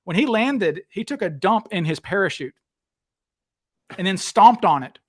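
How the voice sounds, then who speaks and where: A man hosting a casual chat, retelling stories with lively acted-out quotes. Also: high-pitched, measured pace. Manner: animated, acts out quotes with raised voice. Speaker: podcast host.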